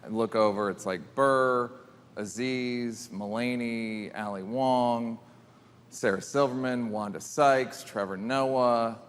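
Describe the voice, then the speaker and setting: A man's voice: mid-range voice, fairly even intonation, slow, in a large hall. A male stand-up comedian telling a rambling, self-deprecating story.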